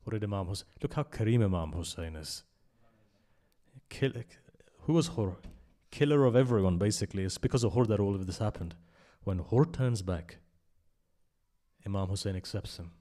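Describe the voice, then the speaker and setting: A man giving an impassioned sermon at a memorial gathering, telling a story and swinging between loud emphasis and hushed asides. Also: lowish voice, expressive, moderate pace. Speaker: speaker at a memorial majlis.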